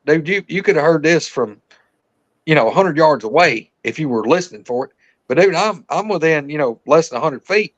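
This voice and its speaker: A man, telling a story as a podcast guest in an excited, rambling way full of fillers. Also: a little high, highs cut off. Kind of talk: casual storytelling.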